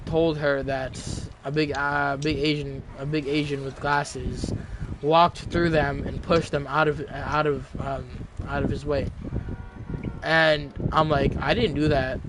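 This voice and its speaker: A man's voice: fairly high pitch, level tone, takes it slowly. A young man telling a rambling, casual story from his school days, full of restarts and fillers. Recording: noticeable background noise.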